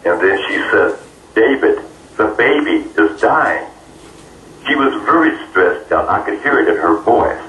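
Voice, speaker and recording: A man being interviewed, telling a personal story in an earnest, halting way with many fillers. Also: sits low, fairly bright tone. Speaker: interview guest. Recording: roomy, distant mic, faint noise.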